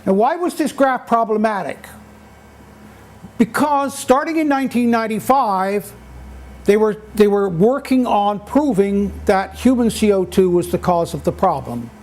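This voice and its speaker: An older man giving an animated lecture-style talk at a townhall, acting out quotes as he tells stories. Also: high voice, a little slow. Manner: animated storytelling, acts out quotes. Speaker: speaker at a townhall.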